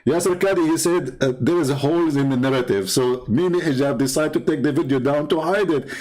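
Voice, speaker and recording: A man's voice: on the high side, brisk, darkish tone. A man hosting a commentary video, talking in a mocking monologue, laughing often and repeating phrases. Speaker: commentary host.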